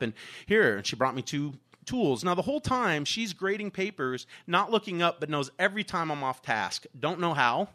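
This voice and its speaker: Brash, bright-voiced man telling a story. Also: fairly high pitch, moderate pace. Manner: candid, animated, swears freely, laughs while telling. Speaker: teacher telling a personal story. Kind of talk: personal storytelling monologue.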